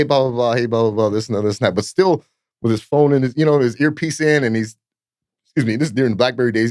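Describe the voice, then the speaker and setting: In a dry studio-quality recording, a man with a medium-pitched voice tells stories as a podcast guest. He's a nightclub promoter from Fresno, California, and his long tales ramble, curse freely, and lean on "blah, blah, blah."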